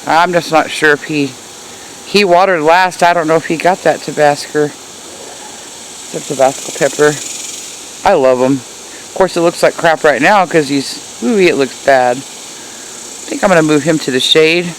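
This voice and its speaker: A woman's voice: deep voice, normal speed, a little hiss or hum, low-quality recording. Folksy woman touring her garden. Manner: chatty, folksy, laughing at herself. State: hot and sweaty. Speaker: gardening vlogger. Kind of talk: casual garden tour. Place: outdoor backyard garden.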